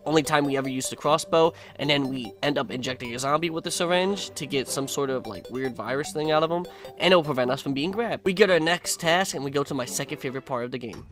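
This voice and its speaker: A man giving a casual, laid-back voice-over of his own gameplay, swearing freely and adding sarcastic asides. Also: mid-range voice. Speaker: gaming video creator.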